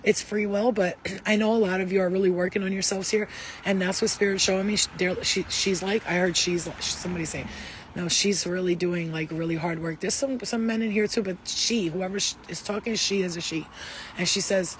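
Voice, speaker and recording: A woman's voice: mid-range voice, fairly even intonation, brisk, slight background noise. A woman doing a live psychic reading for her viewers, rambling and emotional, with many restarts. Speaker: psychic reader.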